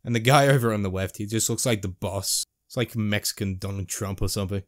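A gaming channel host with a lowish voice talks fast through a let's play of a game. He jokes, swears, and slips into silly voices as he comments.

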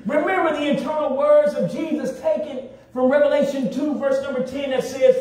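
A man preaching a sermon in a church, with call-and-response and drawn-out emphasis. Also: very high-pitched, steady tone, a little mellow. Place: church sanctuary. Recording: very echoey hall, distant mic.

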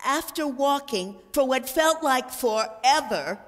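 A woman reading a children's storybook aloud in a concert, with expressive, animated storytelling. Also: high voice, slow, big-room sound, faint music behind.

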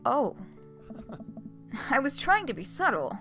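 A woman streams a game and reacts loudly, swearing and laughing as she goes. Her voice sits on the higher side and swings widely in pitch. The tone is bright and sharp. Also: slow, faint music behind. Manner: excitable, swearing, laughs often. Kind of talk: gameplay commentary.

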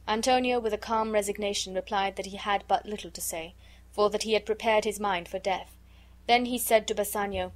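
A woman reading a classic story aloud as an audiobook narrator, in an even, measured way. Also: mid-range voice.

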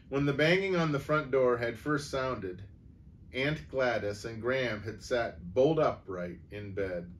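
A man reading a humorous story aloud in an unhurried, wry way, with the odd small stumble. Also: mid-range voice. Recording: voice from far off the mic, faint noise.

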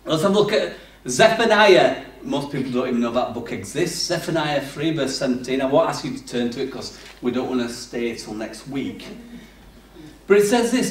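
A man preaching a sermon in a conversational manner, swinging between loud bursts and hushed passages. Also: medium pitch, sing-song, moderate pace, distant mic. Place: church hall. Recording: roomy, off-mic church recording.

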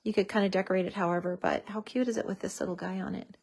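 A woman's voice: medium pitch, fairly even intonation, very fast, a little mellow, breathy edge. A woman hosting a craft tutorial, chatting casually and gushing over how cute everything is as she works.

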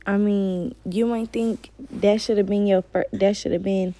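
A woman's voice: medium pitch, steady tone, measured pace, dark tone, dry recording, rough recording. A woman giving casual, slangy commentary while playing a game and talking to her viewers. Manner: slangy, chatty, talks to viewers. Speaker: gamer.

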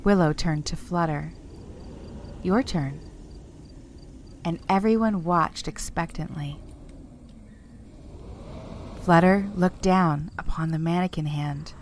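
A woman reads a storybook aloud, gentle and measured. Her voice is on the low side, and she takes her time over every line. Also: steady tone, slight background noise. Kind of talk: scripted storybook narration.

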